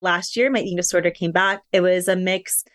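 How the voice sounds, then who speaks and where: A woman's voice: lowish voice, steady tone, fairly quick, no echo, clean studio sound. A young woman as a podcast guest, talking candidly and reflectively about her faith and personal struggles. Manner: earnest, reflective, faith-centred talk.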